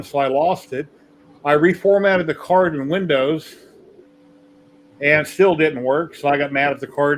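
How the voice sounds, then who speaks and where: A man's voice: on the high side, slight background noise, low-quality recording. A man hosting a casual maker livestream, telling rambling stories. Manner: rambling storyteller. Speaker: podcast host.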